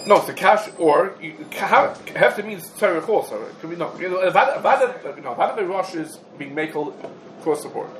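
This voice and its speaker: Man, fairly high voice, animated halacha lecture, echoey room, faint room noise. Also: quick pace. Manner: animated, heavy Hebrew and Yiddish terms in English. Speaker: Talmud teacher.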